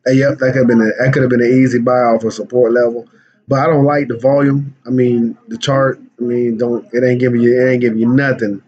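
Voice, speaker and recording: A man's voice: mid-range voice, little pitch movement, brisk, a little mellow, slightly rough. A man casually talking through his day trades on a vlog. He uses slang, repeats and restarts words, and says he is losing his voice. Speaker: day trader and channel host. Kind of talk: casual trading commentary. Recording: dull lo-fi recording.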